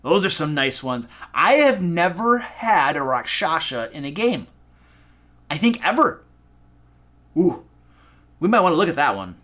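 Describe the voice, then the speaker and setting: Excitable man with a Michigan accent. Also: on the high side, measured pace, long pauses. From Michigan, USA. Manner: excitable, goofy and self-deprecating. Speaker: live-stream host and dungeon master. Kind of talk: casual live-stream chat. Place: home room.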